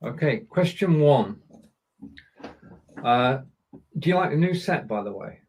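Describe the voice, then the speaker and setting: A man's voice: fairly high pitch, animated, unhurried, darkish tone, slight background noise, poor audio. A man hosting a casual chat show, chatty and a little hesitant as he tries out German sentences. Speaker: podcast host. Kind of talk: casual chat, language lesson.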